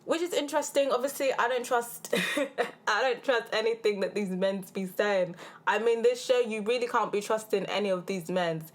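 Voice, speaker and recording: A British woman hosting a casual reality TV recap, blunt and animated with plenty of slang, recorded on a handheld recorder. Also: mid-range voice, normal speed. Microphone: handheld field recorder.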